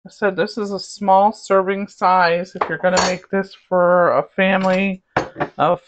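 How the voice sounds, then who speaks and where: A chatty woman with a light Southern lilt talks through her home cooking in a rambling, easygoing way, savoring each bite aloud. Her voice sits a little low for a woman. The sound is a dull, lo-fi home recording. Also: little pitch movement, a little slow, background noise. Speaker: cooking vlogger. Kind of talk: casual cooking chat.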